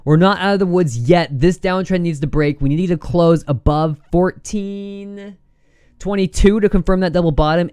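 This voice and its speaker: A man doing a casual vlog about trading charts, excitable and giddy, quick to laugh as he goes. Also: a little high, clean tone, no echo. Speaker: trading vlogger.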